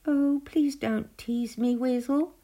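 A woman's voice: sits high, very animated, slow, warm tone, pitched above the performer's own voice, full character voice. A woman voicing a shy, easily embarrassed little male hedgehog in a storybook reading, fretful and bashful.

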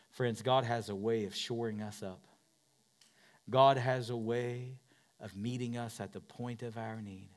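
A man preaching a sermon as a pastor, repeating phrases for emphasis and swinging from loud shouts down to hushed whispers. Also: mid-range voice, fairly even intonation, measured pace.

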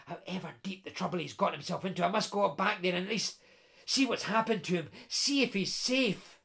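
A man's voice: high-pitched, brisk, gravelly, fairly bright tone. A man playing an earnest young man fretting over his friend. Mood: worried. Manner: earnest, fretful questioning. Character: worried loyal young man, thinking aloud.

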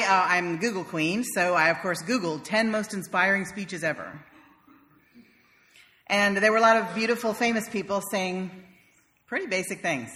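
Bright-voiced woman preaching. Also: medium pitch, moderate pace, big-room sound. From American South. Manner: conversational, wry storytelling with light laughter. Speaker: minister. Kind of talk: sermon.

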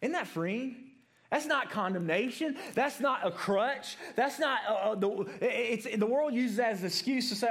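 A man preaching to adults in a casual, talky way, his voice sitting high for a man. He keeps checking in with "right?" and stumbles through repeats and restarts as he thinks aloud. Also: moderate pace, fairly bright tone. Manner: asks the room questions, ends points with "right?"; repeats words and restarts often. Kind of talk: conversational sermon to adults.

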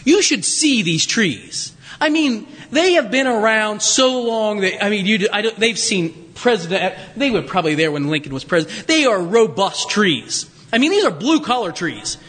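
A man preaching a sermon, telling stories with humor and asides in an animated way. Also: sits high, normal speed, few pauses, breathy edge, in a large hall. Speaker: pastor.

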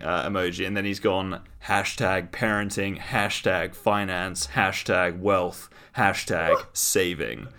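A young man with a very deep, gravelly voice. He co-hosts a podcast in loose, casual chat. He mocks what he reads out with a wry, dry edge. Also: fairly even intonation, takes it slowly, few pauses, sharp tone. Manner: wry and mocking, reading posts aloud with dry asides. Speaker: podcast co-host.

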